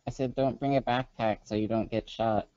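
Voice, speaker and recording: Dry, teasing man with a mellow voice. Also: mid-range voice, fairly even intonation, normal speed, no room sound. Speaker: podcast co-host. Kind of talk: casual chat. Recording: dull lo-fi podcast mic.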